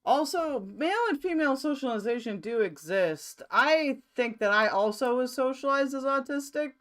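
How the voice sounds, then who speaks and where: A woman's voice: high voice, lively intonation, moderate pace, a bit bright. A woman hosting a reaction video, rambling and exclaiming in bemused commentary.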